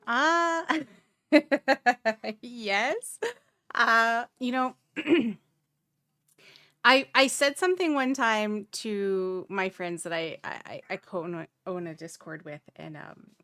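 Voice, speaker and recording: A woman from Canada speaking on a livestream panel, reflective and halting, often restarting her sentences. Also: on the high side, fairly bright tone, no echo, studio quality. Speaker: streamer, panel guest. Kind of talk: casual panel discussion.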